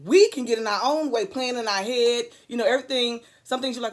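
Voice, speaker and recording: A woman's voice: fairly high pitch, a little fast. A woman giving an earnest, preachy motivational talk to camera, hammering points home with repetition and drifting into rambling asides. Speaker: vlogger.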